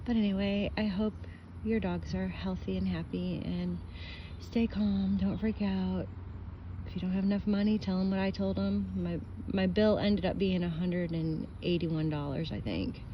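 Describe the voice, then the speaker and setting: A woman's voice: medium pitch, steady tone, moderate pace, dull audio, slight background noise. A woman vlogger telling a story in a casual, rambling and emotional way, with many fillers and restarts. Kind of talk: casual chat.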